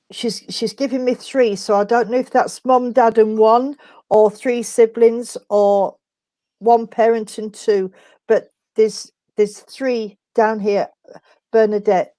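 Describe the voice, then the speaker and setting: A middle-aged woman working as a spiritualist medium, giving a gentle, halting reading full of restarts and tender words. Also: medium pitch, no room sound. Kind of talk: mediumship reading in an online service.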